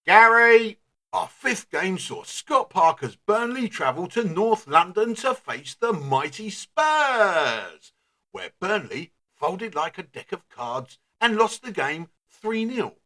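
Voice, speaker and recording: Brash, lively-voiced male comedy presenter. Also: sits high. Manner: brash, sweary, quick-fire delivery. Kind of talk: comic scripted narration.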